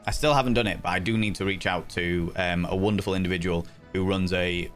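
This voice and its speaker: A man's voice: sits low, steady tone, fast talker, fairly bright tone, soft background music. Chatty man streaming live. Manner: chatty, rambling, greets each viewer with playful endearments. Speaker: streamer and game master. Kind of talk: live stream chat with viewers.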